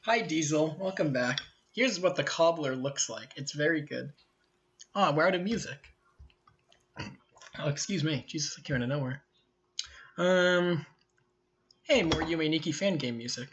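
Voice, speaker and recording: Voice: mid-range voice, expressive, measured pace, pauses often, a bit bright. Rambling streamer with a hybrid accent. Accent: Eastern Canadian and American hybrid. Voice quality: rambling, with many fillers and self-corrections. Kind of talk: casual live-stream chat while eating. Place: at home near the kitchen. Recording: slightly muffled stream mic with music.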